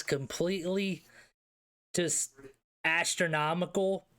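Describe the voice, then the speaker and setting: A man with a Philadelphia accent talks through a live stream in a relaxed, slangy way. He drops swear words and answers his chat as he goes. His pitch sits at an ordinary middle level for a man. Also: unhurried, long pauses. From Philadelphia area, US. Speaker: streamer host ranking hockey league teams. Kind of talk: casual live-stream commentary.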